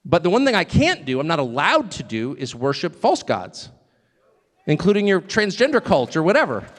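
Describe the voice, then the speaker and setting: A man's voice: on the high side, moderate pace. Sardonic man speaking in a hall. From United States. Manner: animated and sardonic, with mocking asides and chuckles. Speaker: guest speaker. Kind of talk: live public speech to an audience. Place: large hall with a live audience. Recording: long hall reverb with crowd.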